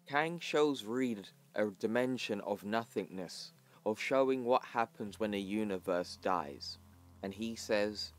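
A man hosting his channel, narrating a comic book story in plain, even storytelling and reading the characters' lines in his own voice. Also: on the low side, takes it slowly, faint music behind. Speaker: channel host.

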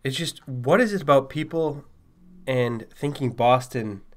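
A man's voice: medium pitch, unhurried. A man with a Massachusetts accent co-hosting a podcast, chatting in a wry, questioning, joking way. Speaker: podcast co-host. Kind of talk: casual chat.

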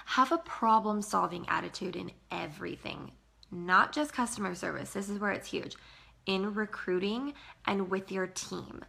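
A woman's voice: mid-range voice, gravelly, pushed and bright. A young woman giving a casual, upbeat training talk as a direct sales team leader. She is chatty, with many fillers, and greets viewers by name.

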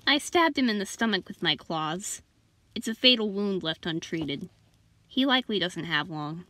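Brief: fierce clawed dinosaur, a woman doing the voice, flat and grim. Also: mid-range voice, normal speed, no room sound, pitched below the performer's own voice. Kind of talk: fan dinosaur audio drama.

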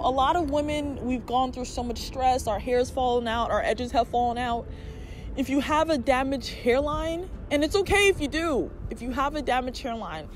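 Young woman, casual product review vlog, earnest, emphatic, repetitive, faint background music. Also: fairly high pitch.

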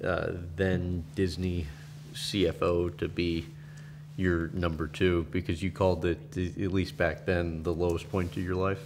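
A man interviews his guest, pressing him with short follow-up questions. His voice sits low, and clear background noise runs under the recording. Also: level tone, unhurried. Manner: brief probing follow-up questions. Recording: noisy background.

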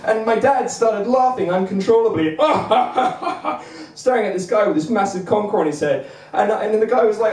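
A man's voice: extremely high pitch, expressive, moderate pace, darkish tone. A young man doing a bumbling, self-deprecating stand-up set on a comedy club stage, chuckling between lines. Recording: roomy venue, mic at a distance.

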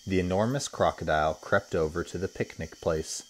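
A man, a teacher, reading a children's story aloud with expressive storytelling. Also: sits low, normal speed, a little hiss or hum.

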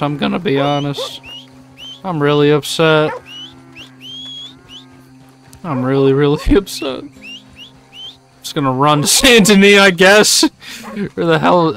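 A man's voice: fairly high pitch, creaky, a bit bright. A young man streaming a video game, swearing, complaining and laughing in mock grief. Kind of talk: casual game commentary.

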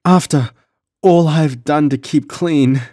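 A man's voice: fairly low pitch, measured pace, a little mellow, husky, dry recording, studio quality. A man voicing a fiery young female pirate captain with proud, archaic speech, in an audiobook. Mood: sobbing.

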